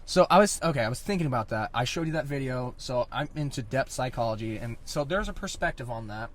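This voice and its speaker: A man talking through ideas in a relaxed podcast conversation. He speaks at a middling pitch, thoughtful and questioning, turning each point over as he goes. His throat sounds a little irritated. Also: fast. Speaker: podcast co-host. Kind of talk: casual podcast chat.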